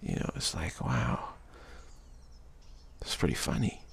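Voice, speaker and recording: A man giving a rambling, gentle spiritual talk, full of repeated phrases and "you know.". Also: slow, a little hiss or hum. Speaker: spiritual speaker.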